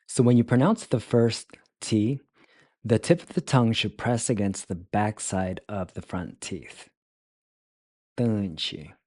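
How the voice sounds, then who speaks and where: Slow, deep-voiced male language teacher. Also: mellow, no room sound, studio quality. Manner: spells out sounds and repeats words slowly. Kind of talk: slow, careful pronunciation lesson.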